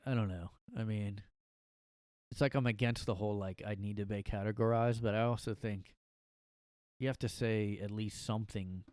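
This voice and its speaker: A man's voice: lowish voice, steady tone, moderate pace, darkish tone, clean tone, no room sound, clean studio sound. A man hosting a podcast alone from his room, rambling and joking with many fillers. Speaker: podcast host. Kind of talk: casual comedic monologue.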